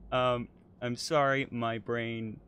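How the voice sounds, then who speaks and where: A man's voice: medium pitch, steady tone, drawn-out words, fairly bright tone, clear, resonant tone. A man co-hosting a casual chat while playing a game, hesitant and apologetic, with lots of ums. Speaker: podcast co-host playing a driving game.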